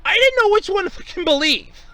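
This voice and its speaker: A man's voice: extremely high pitch, big pitch swings, fairly quick, sharp tone, no room sound. A man hosting a solo podcast, telling an everyday story in an exasperated, swearing ranting manner and jumping up in voice when he quotes himself. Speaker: podcast host. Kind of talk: solo casual rant.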